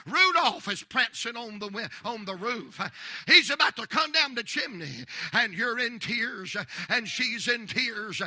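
A man preaching a sermon in a church, with impassioned climbs into shouts and folksy, humorous asides. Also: extremely high pitch, expressive, measured pace.

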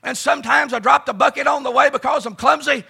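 A middle-aged man preaching a fervent, folksy revival sermon at a camp meeting, often shouting and telling homespun stories. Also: very high voice, fast, creaky. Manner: fervent, folksy storytelling with frequent "uh" and "let me tell you something".

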